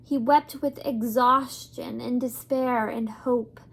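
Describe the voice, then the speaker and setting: High-voiced woman reading a storybook. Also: steady tone, slow. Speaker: reader. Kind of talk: reading a children's novel aloud.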